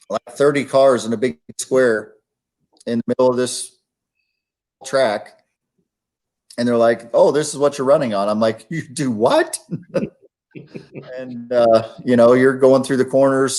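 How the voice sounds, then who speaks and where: A man telling racing stories in a relaxed, rambling way, with lots of fillers. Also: mid-range voice. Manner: laid-back, rambling with many fillers. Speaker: guest, retired monster truck driver. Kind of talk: casual storytelling chat.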